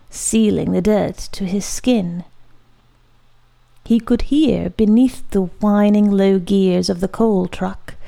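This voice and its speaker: A woman reads a literary short story aloud in a steady, measured way. Her voice is dark and mellow with a gravelly fry, and she takes her time over each phrase. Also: mid-range voice. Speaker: narrator.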